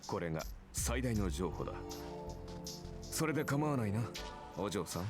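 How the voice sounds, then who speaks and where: Cool, condescending warrior servant for a visual novel, low, fast and lively delivery, game music underneath. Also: male voice. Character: sardonic aloof male warrior servant.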